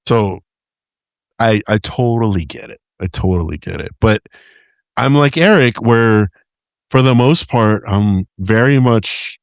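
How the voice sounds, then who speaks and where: A man's voice: on the low side, expressive, measured pace, vocal fry, clear, resonant tone, no room sound, clean studio sound. A man co-hosting a podcast in casual, rambling chat, often restarting and joking. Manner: rambling, self-correcting, jokey. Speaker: podcast co-host.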